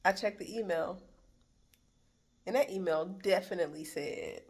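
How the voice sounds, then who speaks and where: A woman's voice: fairly low pitch, unhurried. A woman vlogging about her trip, telling a story in a casual way and acting out the people she talks to. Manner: animated retelling, acts out quoted exchanges. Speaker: travel vlogger.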